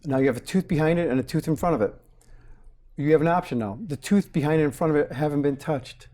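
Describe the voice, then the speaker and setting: In a casual interview, a dentist in his forties talks in a mid-range voice with a warm, mellow tone. He keeps his explanations plain and animates them by quoting patients and staff in little acted-out bits.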